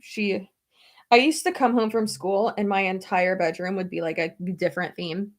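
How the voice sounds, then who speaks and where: A woman's voice: mid-range voice, normal speed. A young woman vlogging in a casual chat, rambling with lots of "like", laughing often and retelling conversations as quoted dialogue. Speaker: beauty vlogger. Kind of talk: casual chat while getting ready.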